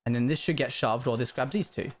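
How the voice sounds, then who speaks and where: A man streaming a building game live, chatting casually to his viewers and breaking into panicked high-pitched bursts when something goes wrong. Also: quick pace.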